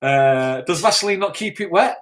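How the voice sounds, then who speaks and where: A man's voice: high voice, expressive, normal speed. A middle-aged man co-hosting a live stream, joking and reading viewers' comments aloud as he thanks them.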